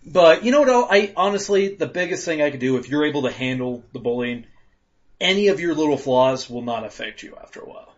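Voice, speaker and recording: Brief: male podcast co-host, high-ish lively voice, rowdy and laughing, dull lo-fi sound. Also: fairly quick. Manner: animated, laughs a lot, acts out rants in loud voices. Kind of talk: casual profane chat.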